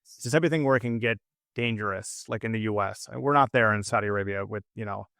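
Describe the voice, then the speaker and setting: A man's voice: lowish voice, quick pace, vocal fry, fairly bright tone, no room sound, studio quality. An American man co-hosting a podcast, chatting casually and rambling with lots of fillers and restarts. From United States. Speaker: podcast co-host. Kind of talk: casual chat.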